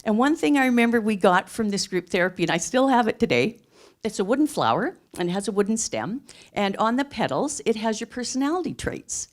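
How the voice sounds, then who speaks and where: A woman's voice: a little high, sing-song, brisk. A middle-aged woman telling her own life story in an earnest, emphatic way, building up short phrases one after another. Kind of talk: personal storytelling talk.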